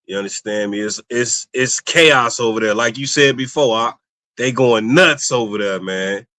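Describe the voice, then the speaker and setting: A man's voice: mid-range voice, normal speed, sharp tone, dry recording. A man co-hosting a casual religious discussion, rambling and often checking in with his listener. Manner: rambling, keeps asking "you understand me". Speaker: co-host.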